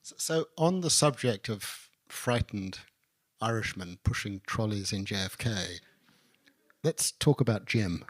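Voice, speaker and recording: A man interviewing an author on stage, asking measured questions with some hesitation. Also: on the low side, animated. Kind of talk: onstage interview. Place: arts venue, live audience.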